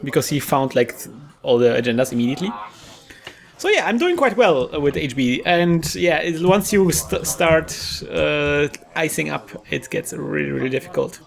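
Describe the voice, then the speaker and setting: A man casually commentating his own tournament card game, chatty and quick to laugh, often restarting words. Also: fairly high pitch, lively intonation, creaky.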